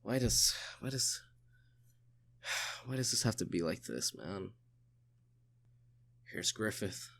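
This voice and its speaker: A man's voice: on the low side, a little hiss or hum. A young man reading a comic aloud and reacting to it in a casual way, sighing and swearing often. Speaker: manga reaction channel host.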